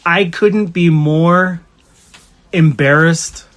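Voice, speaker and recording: Ranting male podcast co-host, slightly high. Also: extremely slow, fairly bright tone. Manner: rambling, swears, fired-up rants. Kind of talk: casual chat.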